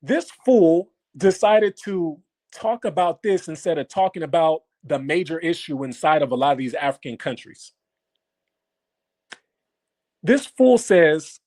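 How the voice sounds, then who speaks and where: Animated man hosting a livestream. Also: on the high side, normal speed. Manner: animated, mocking, repeats questions to the audience. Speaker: livestream host. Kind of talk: casual livestream talk to chat.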